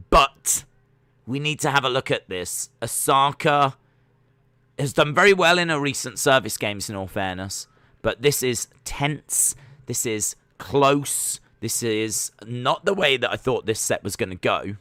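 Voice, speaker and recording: A man with a bright, forward voice runs a casual live watch-along stream. He jokes and rambles through the sport, reading out chat and pausing on plenty of fillers. The sound is close and dry, with no room echo. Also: medium pitch, lively intonation. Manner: jokey, rambling, many fillers.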